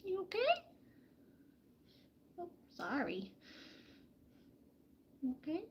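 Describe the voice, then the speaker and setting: A woman vlogging from her backyard farm, chatting casually with viewers and softly coaxing a hen through a soak. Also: sits high, sing-song, slow pace, highs cut off, slight background noise. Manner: soft, coaxing talk to an animal. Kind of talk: casual live chat reading comments.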